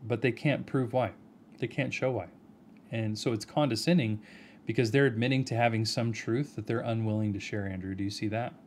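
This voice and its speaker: A man giving an earnest, measured video response, addressing someone directly by name and pressing his points with rhetorical questions. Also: mid-range voice, slight background noise. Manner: earnest, argumentative, addresses the other person by name. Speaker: video commentator.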